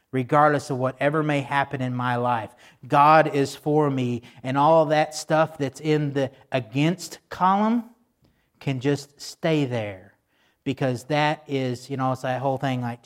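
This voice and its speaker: A man preaching a sermon in a conversational way, turning to the congregation with asides and slowing down to stress the scripture he quotes. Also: mid-range voice. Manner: slows down for emphasis when quoting scripture. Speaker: pastor.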